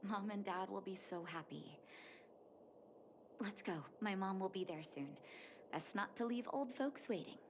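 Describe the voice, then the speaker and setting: An actress voicing an earnest, caring young woman doctor in a video game, speaking softly and sincerely. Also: medium pitch, measured pace, pauses often, noisy background, close to an everyday voice. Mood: fond. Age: young adult. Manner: soft, sincere, emotional. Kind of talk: game voice acting. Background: game music.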